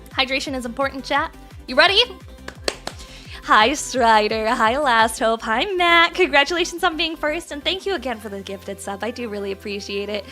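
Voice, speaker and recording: A young woman from Canada hosts a relaxed livestream, chatty and quick to giggle as she reads out names from chat. Her voice sits high and sounds bright and sharp. Soft music plays quietly underneath.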